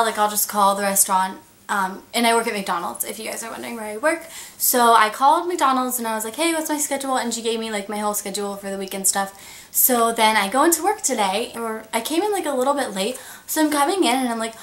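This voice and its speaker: A woman's voice: mid-range voice, a bit bright. A teenage girl telling embarrassing stories to her camera in a chatty vlog, saying "like" constantly and acting out what people said. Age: teens. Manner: chatty, says "like" constantly, acts out quoted lines. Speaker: vlogger. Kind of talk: casual storytelling vlog.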